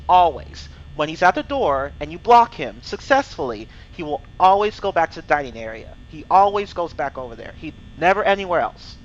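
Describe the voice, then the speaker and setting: A young man casually explaining a video game's mechanics as he plays, cursing when things go wrong. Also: high voice. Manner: cursing, exasperated outbursts. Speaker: gameplay streamer. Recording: dull lo-fi mic with faint hiss.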